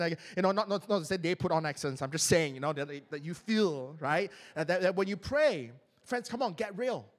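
A Malaysian-accented pastor delivers a sermon from a church stage. His voice sits high for a man, and he talks in an animated way, often doubling up his words. He breaks into playful put-on prayer voices as he preaches. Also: a little fast, hardly any pauses. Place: church stage, live-streamed.

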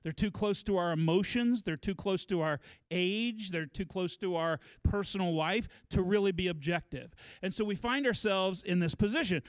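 A male pastor delivers a church sermon with an animated storytelling manner. His voice sits high for a man. The sound is dry and close, with no room echo. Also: normal speed, few pauses. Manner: animated storytelling, acts out quotes.

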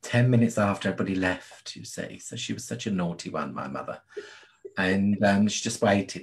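A man from the UK, a guest spirit medium, talking in a soft, soothing way and often adding "you see". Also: lowish voice, moderate pace, creaky. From United Kingdom. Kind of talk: casual interview chat.

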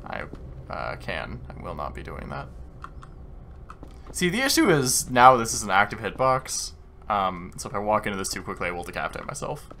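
A young man gaming and talking with a friend, his pitch leaping all over the place as he gets excited. He swears freely and breaks into laughter often. Keyboard clicks and typing sit clearly in the background. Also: moderate pace, slight background noise. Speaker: gaming streamer. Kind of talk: casual gameplay chat.

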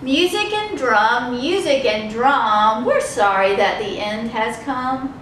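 A woman leading a children's storytime, reading aloud in a slow, sing-song, expressive way. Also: a little high, a little hiss or hum. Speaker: children's librarian. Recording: echoey room, mic far off.

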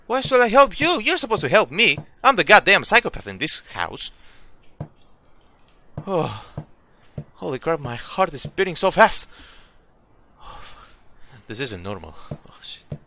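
A young man with a high, bright voice narrates his own horror game session. He swears often and yelps at the scares. His pitch leaps all over, and a faint hiss sits under the recording. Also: big pitch swings, unhurried, pauses often. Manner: jumpy, swearing, yelling at jump scares. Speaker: gaming YouTuber. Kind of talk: horror game let's play commentary.

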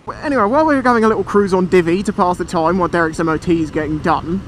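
A British man vlogging from a motorbike, telling a story in a chatty, animated way and swearing freely. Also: high-pitched, rapid-fire. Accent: British English. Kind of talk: casual storytelling while riding. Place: on a motorbike outdoors. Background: traffic and engine noise.

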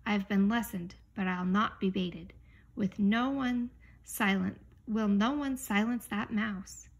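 A woman's voice: medium pitch, fairly even intonation, a little slow. Woman reading as a proud, commanding young king. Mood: regal. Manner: commanding, sharp. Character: young male king, proud and hot-tempered.

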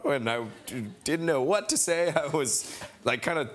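A young adult man, a talk show guest, telling a rambling, animated anecdote in a TV studio on a lapel mic. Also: a little high, normal speed, few pauses. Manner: rambling, animated storytelling with laughs.

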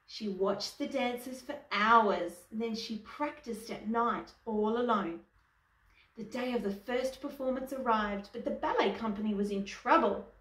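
A woman reading a picture book aloud to children, pausing to ask the young listener questions. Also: on the high side, a bit bright. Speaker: storyteller. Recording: echoey room, distant mic.

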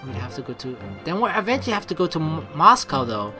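A woman's voice: low voice, big pitch swings, quick pace, music in the background. A woman doing a casual let's play commentary, reading game text aloud and joking and swearing as she goes. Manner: chatty, swears and laughs at own jokes.

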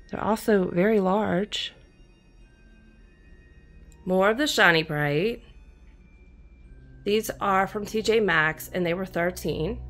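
A woman with a drawl talks slowly and fondly about each thing she bought. She chats casually and sometimes turns aside to speak to her cat. Quiet music plays faintly underneath. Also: lowish voice. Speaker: crafting channel host. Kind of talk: casual haul show-and-tell.

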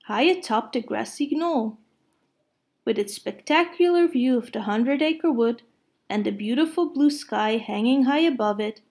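A woman reads a children's picture book aloud at an unhurried, slow pace. Her voice is fairly high, gentle and expressive. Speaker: storyteller.

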